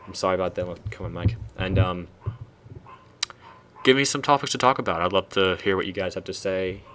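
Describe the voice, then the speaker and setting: A man's voice: sits low, brisk, a bit bright, a little hiss or hum. A young man giving a rambling, preachy spoken commentary, often correcting himself mid-sentence. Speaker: video commentator.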